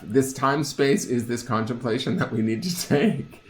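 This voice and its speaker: A man's voice: medium pitch, normal speed, few pauses. A man giving a casual, chatty tarot reading to his viewers, searching for words and often checking that he makes sense, with a lilting, upspeak-prone way of talking. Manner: chatty and searching, full of fillers and checks for understanding. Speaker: tarot reader.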